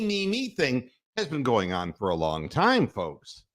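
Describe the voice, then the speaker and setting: Slow, animated, cursing podcast host. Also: male voice, medium pitch. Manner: grumbling, sarcastic, swears freely. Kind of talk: profane rant.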